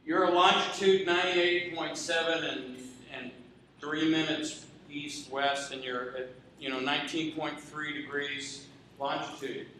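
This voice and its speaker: A man's voice: fairly high pitch, level tone, unhurried, sharp tone, a little hiss or hum. A man voicing a literal-minded man on the ground within a told joke, in a slightly raised voice. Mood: matter-of-fact. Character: overly precise man on the ground. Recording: echoey hall, distant mic.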